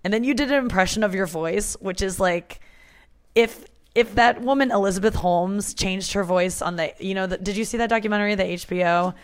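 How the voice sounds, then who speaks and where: A woman's voice: medium pitch, brisk, clean tone. A woman comedian hosting a casual podcast, chatty and rambling with lots of fillers, recorded on the go in the back room of a hair salon. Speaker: comedian and radio host. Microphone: portable setup recorded on the go, not a studio.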